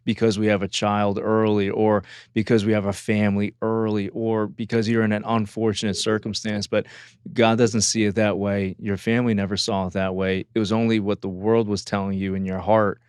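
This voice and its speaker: Smooth-voiced man hosting a faith show. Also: fairly low pitch, level tone, normal speed, a little mellow, no room sound, studio quality. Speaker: host. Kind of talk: faith talk show interview.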